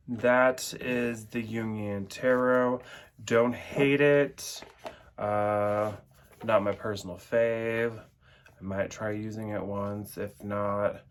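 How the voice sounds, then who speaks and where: A man's voice: fairly low pitch, a little hiss or hum. A young man casually reviewing a tarot deck, chatty and rambling with lots of filler words. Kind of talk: casual chat.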